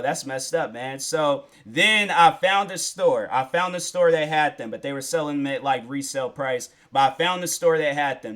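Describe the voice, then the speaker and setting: A young man from the Seattle area telling a rambling, animated storytime with lots of slang and fillers. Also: a little high. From Seattle area, United States. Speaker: sneaker YouTuber. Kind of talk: casual storytime monologue.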